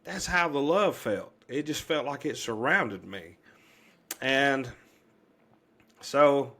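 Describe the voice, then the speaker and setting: A man's voice: mid-range voice, a bit bright. A middle-aged man, a podcast guest earnestly telling a long personal story, rambling with many fillers and restarts.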